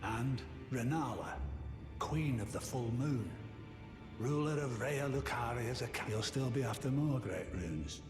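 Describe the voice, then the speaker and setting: An actor playing a scheming male knight-scholar who hoards knowledge, speaking in a measured, formal way in video game dialogue. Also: medium pitch, lively intonation, close to an everyday voice. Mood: lordly. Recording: echoey game audio with music.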